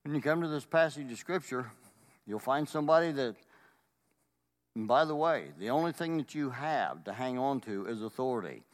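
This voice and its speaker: A man's voice: mid-range voice, expressive, normal speed. A man preaching a sermon with emphatic delivery. He often asks rhetorical questions and repeats words. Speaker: pastor.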